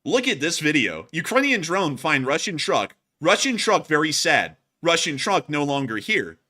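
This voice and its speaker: A man putting on a monotone text-to-speech narrator bot, speaking in clipped, broken sentences. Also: on the high side, normal speed, full character voice. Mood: robotic. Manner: clipped broken sentences, flat robotic delivery.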